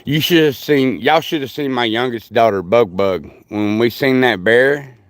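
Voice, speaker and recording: An older man hosts a livestream, chatting casually with viewers and rambling through folksy stories. His voice sits in the mid-range, his speed is normal, and there's no echo.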